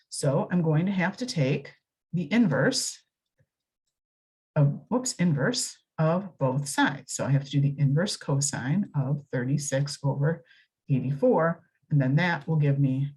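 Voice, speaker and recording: A woman's voice: sits low, lively intonation, unhurried, a little mellow, husky. A woman, working through a recorded math lesson, chatty and thinking aloud as she corrects herself. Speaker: math teacher.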